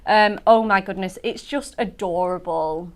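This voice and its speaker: A woman's voice: mid-range voice, measured pace. A woman presenting on a craft TV show, chatting effusively about products with lots of gasps and gushing praise. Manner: effusive, bubbly, full of gasps and "so cute". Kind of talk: gushing product demo chat.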